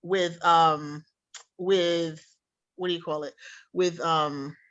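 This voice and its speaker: A woman's voice: on the low side, steady tone, slow, a bit bright, highs cut off. A young woman with a New York accent, chatting casually as a podcast co-host, laughing often and trailing off while she searches for words. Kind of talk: casual chat.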